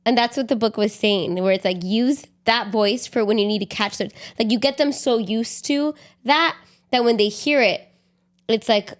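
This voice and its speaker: A woman's voice: a little high, moderate pace. A woman co-hosting a podcast, asking probing follow-up questions in casual talk. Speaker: podcast co-host. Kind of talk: candid conversational podcast.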